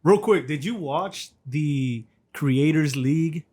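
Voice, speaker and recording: A man co-hosts a podcast in a relaxed, easygoing chat, swearing freely and filling his speech with fillers. His voice sits slightly high, with a slow pace and a warm tone.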